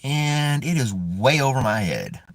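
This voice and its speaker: A talkative man from the United States chats through a live stream, his pitch moving up and down a lot. He often breaks into chuckles as he rambles. The sound is dry and close, as if he is sitting inside his parked car. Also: very animated, measured pace, gravelly, no echo. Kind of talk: casual live-stream chat.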